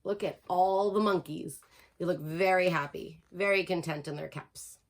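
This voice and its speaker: A woman reading a picture book aloud to children, expressive and asking listeners questions, heard from a distance. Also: lowish voice, moderate pace. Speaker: storyteller.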